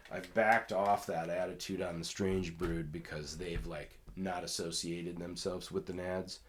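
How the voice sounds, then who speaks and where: Deep guy ranting through a story, swears a lot, jumps loud when quoting people. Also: steady tone, a little slow, hardly any pauses, a little hiss or hum. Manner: profane, rambling, acts out quotes loudly. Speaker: podcast host telling stories. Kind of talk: casual storytelling.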